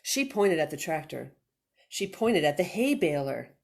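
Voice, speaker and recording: A woman's voice: low voice, sing-song, a little slow, gravelly, a little mellow. A woman librarian reading a picture book aloud at storytime, with chatty, giggly asides to the children.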